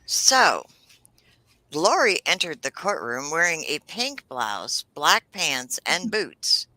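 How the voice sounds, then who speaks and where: A woman co-host reads news updates aloud and throws in wry asides. Her voice is very low yet bright and lively in tone. The sound is dry and close. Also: slow, dry recording, poor audio. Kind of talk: casual livestream chat.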